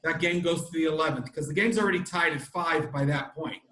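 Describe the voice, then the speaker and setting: A man hosting a podcast who tells stories in an animated way, with frequent restarts. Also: on the high side, brisk. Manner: animated storytelling, many restarts. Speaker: podcast host. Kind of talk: casual chat. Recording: echoey room.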